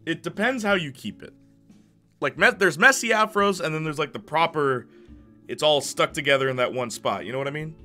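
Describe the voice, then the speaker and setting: A man's voice: on the high side, expressive, fairly quick, pushed and bright, soft background music. A young man casually chatting with his live-stream audience, often stammering, repeating words and laughing between remarks.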